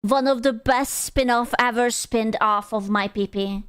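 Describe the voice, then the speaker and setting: Young woman streamer, high and clean-toned, unhurried, playful and crude in casual chat. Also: steady tone, fairly bright tone, clear, resonant tone.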